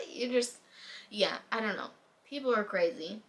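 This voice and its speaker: A young woman telling a story at home into her camera, in a chatty, animated way. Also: mid-range voice, normal speed. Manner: chatty, animated retelling with bursts of laughter. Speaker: vlogger. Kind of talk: casual storytime chat. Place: home room. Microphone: camera mic.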